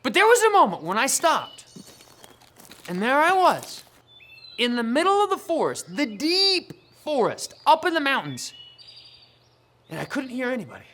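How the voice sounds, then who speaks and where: Woman, children's church host, playful storyteller, bright tone. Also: sits high, huge pitch swings, normal speed, pauses often. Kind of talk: lively kids' Bible lesson.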